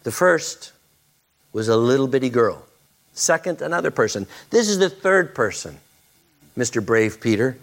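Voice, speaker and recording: A man's voice: medium pitch, lively intonation, normal speed. A male pastor preaching a sermon, dramatic and repeating phrases for emphasis.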